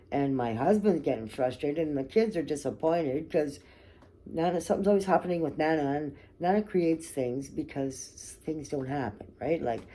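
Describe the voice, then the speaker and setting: A woman's voice: low voice, mellow. A woman vlogger telling a personal story to camera, candid and blunt, swearing freely and checking in with "okay?" and "right?".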